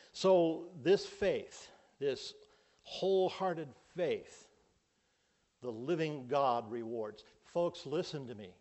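A middle-aged man preaching a sermon, slow and emphatic, with sudden loud rises for emphasis. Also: mid-range voice. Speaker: pastor.

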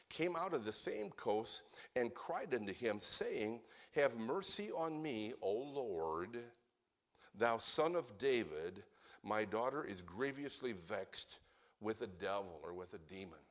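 A man preaching a sermon, telling a Bible story in an animated way, with sudden swings in pitch and loudness.

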